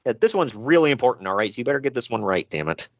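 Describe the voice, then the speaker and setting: A man's voice: mid-range voice, sing-song, rapid-fire, no room sound, highs cut off. A man co-hosting a casual podcast about old wrestling shows, laughing often and slipping into silly voices for jokes. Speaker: podcast co-host.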